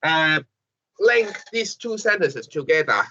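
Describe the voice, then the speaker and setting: A man teaching an English grammar lesson, halting and repeating phrases with many fillers. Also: fairly high pitch, big pitch swings, sharp tone. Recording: dull lo-fi classroom recording.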